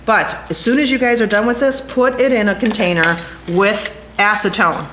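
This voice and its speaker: A woman teaching a glass jewelry craft, chatty and excitable, talking straight to her viewers as she works. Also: mid-range voice, moderate pace, slight background noise. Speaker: glass art instructor. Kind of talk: hands-on craft demonstration.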